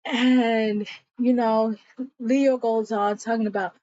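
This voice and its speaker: A woman's voice: fairly high pitch, fairly even intonation, takes it slowly, mellow, dry recording, muffled recording. A woman recapping a TV episode in a casual, chatty way, acting out the characters' lines and addressing her viewers as y'all. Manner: chatty storytelling that acts out quotes, says y'all. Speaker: TV episode reviewer.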